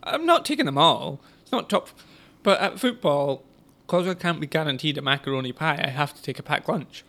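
A man's voice: a little high, expressive, brisk, pushed and bright. A Scottish man co-hosting a casual football podcast, chatty and self-deprecating, laughing often. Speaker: podcast co-host.

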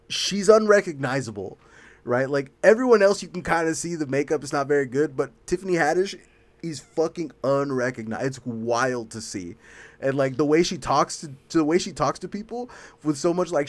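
A man co-hosting a casual podcast chat, swearing freely and breaking into frequent laughter. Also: a little high. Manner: laughs a lot, swears, excitable. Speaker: podcast co-host.

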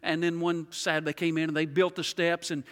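Male pastor, sermon delivery with loud peaks and hushed lows; bright tone, long church reverb. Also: flat delivery, brisk. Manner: preaching with rising shouts and quiet hushed passages. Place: large church sanctuary. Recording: reverberant hall.

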